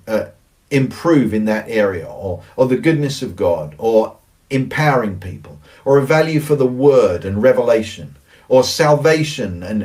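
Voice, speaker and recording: A man speaks in a middle-pitched voice, earnest and emphatic as he delivers a teaching talk. He drives his points home by repeating them. The mic sits a little away from him. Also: a little mellow, far from the mic. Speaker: church leadership speaker. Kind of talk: recorded teaching presentation.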